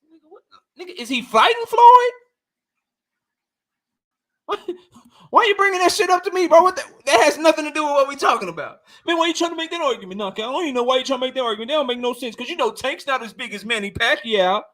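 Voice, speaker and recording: A man's voice: very high voice, animated, racing, bright, forceful tone. A young man hosting a casual livestream debate, talking heated and slangy, repeating himself and often laughing. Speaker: host.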